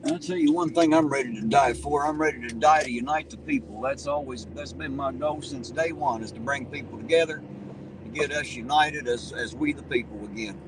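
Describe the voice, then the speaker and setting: A man at a medium pitch, talking a little fast, reads out his livestream chat in a casual, folksy way full of swearing and chuckles. His mic is distant, and loud traffic noise is audible.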